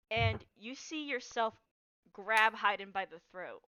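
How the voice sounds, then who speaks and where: A woman's voice: fairly high pitch, lively intonation, unhurried, pushed and bright, smooth, no room sound, lo-fi sound. A young woman narrating a tabletop game as game master, rambling and giggly with many fillers.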